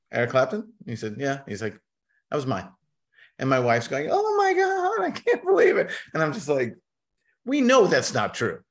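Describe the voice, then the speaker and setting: A middle-aged man spinning casual stories as a podcast guest, in a mid-range voice. He slips into quick impressions of the people he met, with a wry, animated delivery. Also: medium pitch. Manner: wry, animated anecdote-telling with mimicked quotes. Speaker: musician guest. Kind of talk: casual storytelling in a podcast interview.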